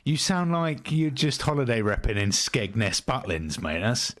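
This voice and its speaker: A man from the UK co-hosting a podcast in casual chat, playful and quick with banter. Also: mid-range voice, big pitch swings, a bit bright, a little hiss or hum. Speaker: podcast co-host.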